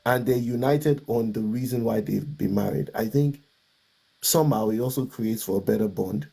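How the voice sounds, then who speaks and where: Gravelly, husky man telling a testimony. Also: mid-range voice, moderate pace, mellow. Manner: hesitant, reflective storytelling with restarts. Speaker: guest. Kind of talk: personal testimony in conversation.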